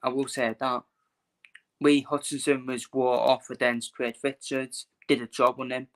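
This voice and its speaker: Male streamer, casual repetitive delivery, bright tone, narrow pitch. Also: flat delivery, a little slow. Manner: repeats himself, fillers, talks to viewers. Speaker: boxing vlogger. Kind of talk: casual live-stream commentary.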